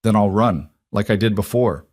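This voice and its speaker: A man's voice: lowish voice, normal speed, a little mellow, dry recording, natural voice. A man voicing a proud, wary pregnant young woman who speaks bitterly and defiantly.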